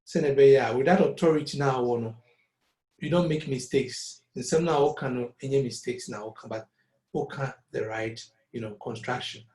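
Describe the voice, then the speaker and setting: A man's voice: medium pitch, normal speed, darkish tone, rough recording. A man teaching a music lesson over a call, explaining step by step and slipping Twi phrases into his English. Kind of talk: online lesson.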